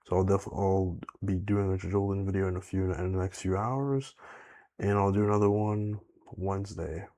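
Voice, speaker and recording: A man's voice: sits low, fairly even intonation, moderate pace, warm tone. A young man chatting casually to camera as a YouTuber, rambling with lots of filler words and swearing. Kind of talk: casual rambling vlog chat.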